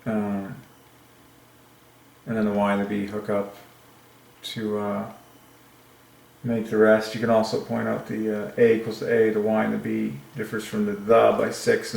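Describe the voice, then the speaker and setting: A man thinking aloud as he works through counts, musing and halting, with lots of fillers. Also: on the low side, gravelly, reverberant. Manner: musing, halting, with frequent fillers and soft laughs. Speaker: channel host.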